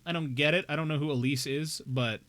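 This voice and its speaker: Young guy streaming games, bright punchy voice, goofy and jokey with chat. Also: fairly high pitch, fairly quick. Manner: playful, jokey, talks straight to chat with mock outrage. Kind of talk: casual live-stream chat while gaming.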